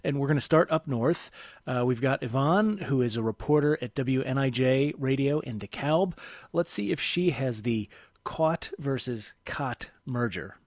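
A man's voice: medium pitch, measured pace, dry recording, studio quality. A man hosting a radio talk show, introducing clips and asking curious questions in a conversational way. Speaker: radio host.

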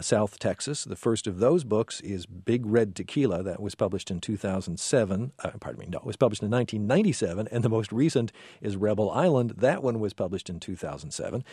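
A man hosting a radio talk show, speaking in a measured way with frequent fillers and self-corrections. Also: fairly low pitch, mellow, slightly rough, dry recording, studio quality. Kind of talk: radio interview.

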